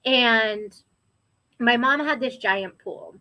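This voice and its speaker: Young woman, higher voice with a bright edge, lively storytelling, dry close sound. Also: slow, no echo, rough recording. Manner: animated, quotes people in raised voices. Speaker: guest telling her life story. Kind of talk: casual storytelling.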